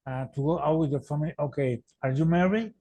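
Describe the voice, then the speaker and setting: A man trainee playing a call center representative in practice, polite but halting. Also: on the high side, warm tone. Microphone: video call.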